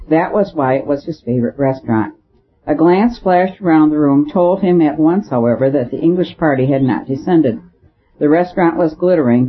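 A reader narrating a classic story in a measured, even way. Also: mid-range voice, husky. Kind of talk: audiobook narration. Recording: tinny phone-like audio.

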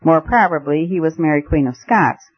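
A man reading aloud as a calm retired judge who speaks in a low, measured, placid way. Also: husky, no echo. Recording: muffled lo-fi recording.

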